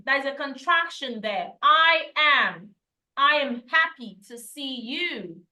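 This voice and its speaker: Woman, speaking coach, fairly high, bright tone, firm drilling delivery. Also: low-quality recording. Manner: emphatic, repeats key phrases for drill. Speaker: speech and pronunciation teacher. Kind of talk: instructional lesson.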